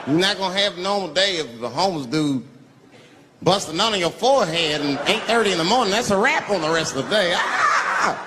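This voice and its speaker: On stage doing stand-up, a fast-talking man with a high-pitched, lively voice tells a profane story, his voice swinging widely. Live crowd laughter rises over loud room noise.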